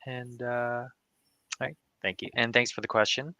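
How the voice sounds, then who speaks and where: A man's voice: mid-range voice, steady tone, normal speed, bright, forceful tone, dry recording, highs cut off. A man moderating a webinar Q&A, politely thanking the speaker and reading audience questions aloud. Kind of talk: moderating a live Q&A.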